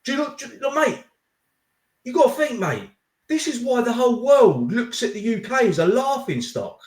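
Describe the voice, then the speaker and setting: Heated man with high animated voice. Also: moderate pace. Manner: heated, blunt, swears, keeps saying mate. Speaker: podcast host. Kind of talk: casual political chat. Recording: echoey room.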